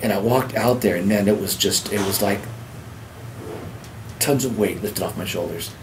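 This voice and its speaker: A man's voice: on the low side, moderate pace, noisy background. A middle-aged man giving a heartfelt personal testimony, restarting and repeating words as he talks. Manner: earnest, heartfelt storytelling. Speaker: speaker sharing a recovery story.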